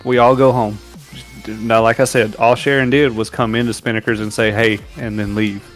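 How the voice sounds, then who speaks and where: Male co-host, mid-pitched, casual storyteller who barks out quoted sergeants. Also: moderate pace, faint music behind. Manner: animated, acts out shouted quotes while telling war stories. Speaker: podcast co-host.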